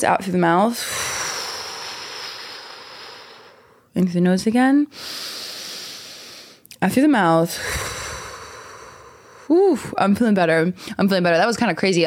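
A young woman chats on her own podcast in a loose, rambling way. She is bubbly and giggly, with a mid-range voice, and she talks fondly to her listeners. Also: medium pitch. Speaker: podcast host. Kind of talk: casual chatty podcast monologue.

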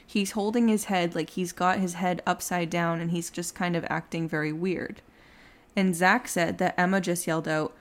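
A young woman hosts a true crime podcast in a chatty, casual way. Her voice sits a little low, and she slips into livelier, higher tones when she acts out what people said. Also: moderate pace. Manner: animated, acts out quotes with rising pitch. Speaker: podcast host.

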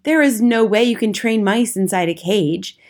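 A woman's voice: mid-range voice, moderate pace. Woman narrating a storybook. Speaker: audiobook narrator.

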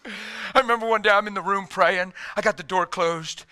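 A middle-aged man preaching a sermon, telling a personal story and swinging from loud outbursts to hushed asides. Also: high voice, normal speed. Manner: animated, swings from loud to hushed, acts out quotes.

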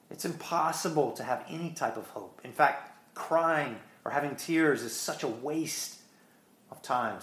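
Earnest male preacher in echoey room. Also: mid-range voice. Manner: earnest, repeats words, slows for emphasis. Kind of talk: sermon.

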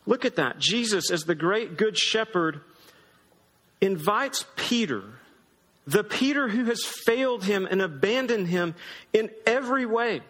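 A man's voice: high voice, animated, measured pace, fairly bright tone. A man pastor preaching a sermon in a conversational, emphatic way. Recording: long hall reverb.

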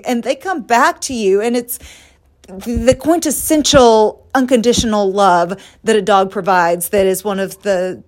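A middle-aged woman from the United States hosting a podcast, telling personal stories in a candid, animated way and acting out quoted lines. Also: mid-range voice. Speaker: podcast host. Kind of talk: personal storytelling monologue.

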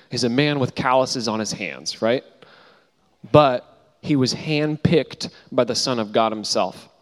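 A man preaching a sermon with lively storytelling, acting out the lines he quotes, on a handheld microphone. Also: medium pitch. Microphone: handheld mic, switched mid-talk. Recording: hall reverb from a live room.

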